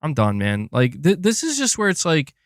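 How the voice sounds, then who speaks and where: A male streamer talks in a loose, rambling way, full of swearing and false starts. His voice sits fairly high for a man. The sound is close and dry. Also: wildly swooping pitch, moderate pace, no echo. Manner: profane, frustrated, rambling with restarts. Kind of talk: casual live-stream rant.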